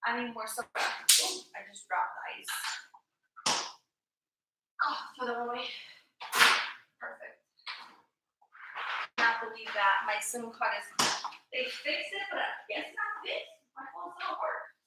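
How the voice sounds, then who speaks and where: A woman's voice: a little high, expressive, slow pace, pauses often, very noisy. A woman hosting a casual tarot livestream, frustrated and muttering to herself, sometimes swearing, then reading viewers' questions. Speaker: tarot reader and livestream host. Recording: echoey room.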